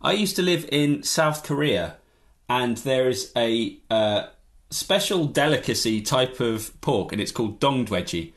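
A man's voice: mid-range voice, unhurried. A man talking as a podcast guest, ranting in a casual chat. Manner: animated, exasperated rants.

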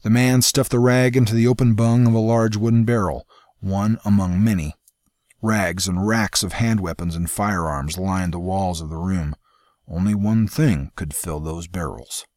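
A man reading a fantasy novel aloud in a measured, dramatic storytelling manner. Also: sits low, steady tone, darkish tone, dry recording, studio quality. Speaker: audiobook narrator. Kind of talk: scripted fantasy narration.

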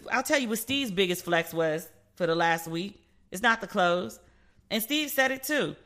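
A woman's voice: medium pitch, animated, normal speed, a bit bright. A woman hosting a casual solo podcast, telling stories in a playful, chatty way and acting out the voices of the people she quotes. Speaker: podcast host.

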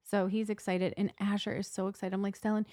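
A middle-aged woman co-hosts a casual podcast and tells family stories in an easy, chatty way. She keeps slipping into what others said, in a voice of middling pitch. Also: level tone, brisk, darkish tone, no room sound, clean studio sound. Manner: chatty storytelling with quoted asides. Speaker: podcast co-host. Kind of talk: casual chat.

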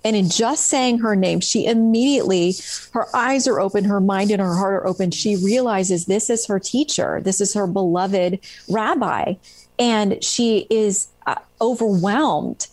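A middle-aged woman appears as a guest author in a conversational interview, retelling stories with earnest animation and many "um"s. Her voice is medium-pitched and slightly mellow, her pace measured, and the recording dry with no echo.

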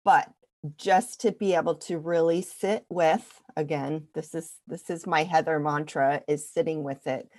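A woman podcast co-host speaking in a slow, measured, reflective way. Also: deep voice, fairly even intonation, a little mellow.

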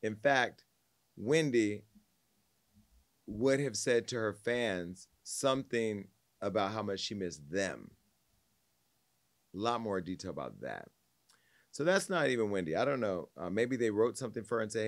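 A man's voice: medium pitch, brisk, no room sound, studio quality. A man hosting a casual gossip podcast, telling stories with animation and acting out what others said. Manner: animated storytelling, acts out quotes. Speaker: podcast host.

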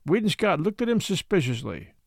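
A man reading a classic novel aloud in measured storytelling style. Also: high-pitched, sing-song, vocal fry, no room sound, clean studio sound. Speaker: audiobook reader.

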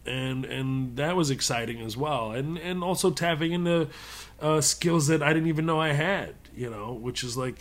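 A man's voice: a little high, normal speed. A man who works as a comedian, chatting as an interview guest, telling stories with animation and frequent laughter. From Middle East. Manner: animated storytelling, often laughing. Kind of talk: casual interview conversation.

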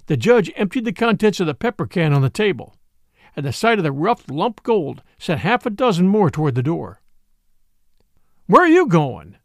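A man narrating an audiobook in an expressive storytelling way. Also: high voice, no room sound, studio quality.

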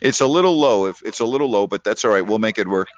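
A man's voice: lowish voice, lively intonation, fast talker, dull audio. A man hosting a sports radio call-in show, rambling chattily through scores and rhetorical questions. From New York.

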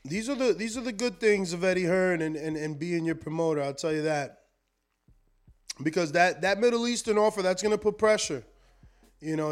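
A man hosting a live boxing stream, talking casually, rambling and repeating words as he reads out viewer comments. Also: on the high side. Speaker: boxing show host.

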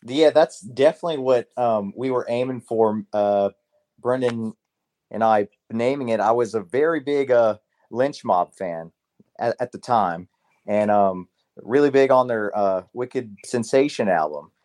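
A man's voice: medium pitch, unhurried, a little mellow. A man from South Carolina with a light Southern accent, a musician guest rambling easily in a casual interview. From Charleston, South Carolina. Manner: laid-back, rambling with fillers.

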